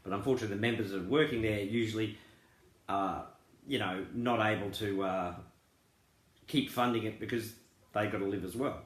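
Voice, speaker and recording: A man with a fairly low voice talks earnestly and at length to his members. He rambles, stops, restarts and fills gaps with "um" and "you know." The recording carries a roomy echo. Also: brisk, pauses often. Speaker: crypto group founder. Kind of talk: casual promotional talk.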